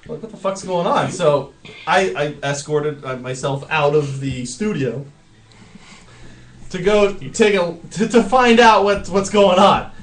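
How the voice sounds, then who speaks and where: A man's voice: fairly high pitch, slow, reverberant, far from the mic, low-quality recording. A man hosting a podcast from a restaurant's back room, telling a story with much laughter and cursing. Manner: laughing, excitable, profane. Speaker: podcast host. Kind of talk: animated storytelling.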